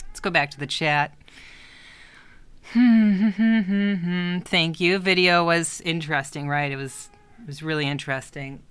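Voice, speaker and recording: With a lowish, clear and resonant voice, a woman speaks slowly while hosting a casual livestream. She rambles hesitantly, restarting often, and softly coos whenever she talks to her cat.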